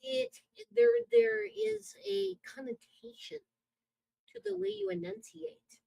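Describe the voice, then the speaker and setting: A woman from the northern Midwest with an Upper Midwest accent, co-hosting a casual wrestling podcast chat, animated, often laughing and repeating herself. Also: very high-pitched, slow, gravelly, no room sound, low-quality recording. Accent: Upper Midwest American. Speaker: podcast co-host.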